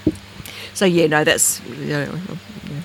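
Middle-aged woman, storyteller, lively and expressive, high squeaky jumps for quoted voices, faint noise outdoors. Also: slow pace, gravelly, rough recording. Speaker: guest storyteller. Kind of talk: casual outdoor chat. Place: outdoors at night in bush.

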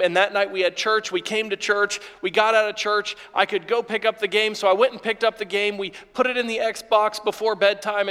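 A man in his thirties preaches in a high voice, his sermon turning emotional as he tells a story with halting restarts. His words ring out with a long reverb from the church sanctuary. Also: fairly bright tone, clear, resonant tone. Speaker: pastor.

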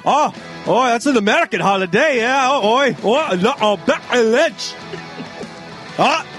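A man's voice: extremely high pitch, expressive, a little slow, fairly bright tone, soft background music, heavily acted. A man doing a brash crude Irish woman. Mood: mocking. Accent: put-on Irish, shaky. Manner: blurts "oi" and "hello" over and over, crude. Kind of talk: comedic impression.

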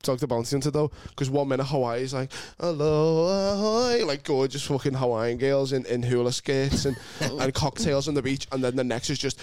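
A man's voice: medium pitch, little pitch movement, fairly quick, few pauses, a little mellow, no echo. A young man co-hosting a podcast, chatting casually, laughing often and swearing as he jokes with friends. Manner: laughs a lot, swears, puts on silly quoted voices. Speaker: podcast co-host. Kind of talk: casual banter.

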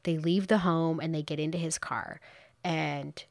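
Donna chiacchierona dalla voce bassa. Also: female voice, measured pace, gravelly, no echo, clean studio sound. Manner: animated, quotes people in playful voices, exclaims. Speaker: true crime storyteller. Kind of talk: casual true crime retelling.

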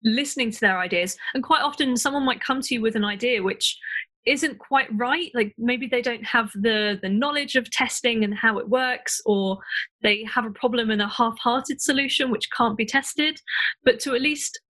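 A woman's voice: fairly high pitch, normal speed, sharp tone. Woman thinking aloud on a panel. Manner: thinking aloud with many ums. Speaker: panel guest. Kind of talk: casual panel discussion.

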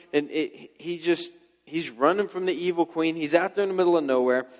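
Slangy young preacher in an echoing hall. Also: male voice, on the high side, brisk. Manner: casual, slangy, storytelling. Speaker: youth pastor. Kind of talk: sermon. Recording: long hall reverb.

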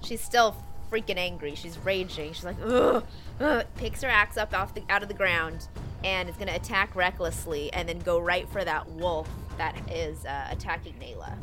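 A young woman playing a tabletop game, animated and excitable as she describes her turn. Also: fairly low pitch, moderate pace, faint music behind. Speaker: player. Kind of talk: casual tabletop play.

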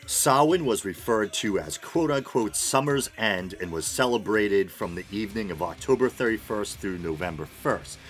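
A man's voice: fairly low pitch, expressive, moderate pace, few pauses, soft background music. A man hosting his show alone, just up from a nap, rambling through an unscripted monologue with wry, self-mocking asides. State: groggy after a nap. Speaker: podcast host.

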